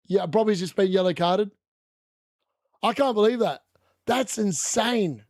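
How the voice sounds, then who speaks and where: A man hosting a live fantasy football watchalong, chatting through the games and shouting when goals go in. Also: sits high, moderate pace, vocal fry, no room sound, clean studio sound.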